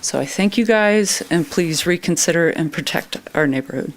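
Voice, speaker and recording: A woman's voice: fairly low pitch, expressive, normal speed, a little hiss or hum. A woman making a worried, plain-spoken public comment at a town council meeting, using folksy phrases.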